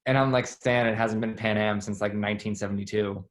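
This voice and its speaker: A man being interviewed, telling stories in a chatty, animated way with lots of "like". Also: fairly low pitch, a little fast. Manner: chatty, animated, heavy use of "like". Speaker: interview guest, former assistant. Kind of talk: casual storytelling interview.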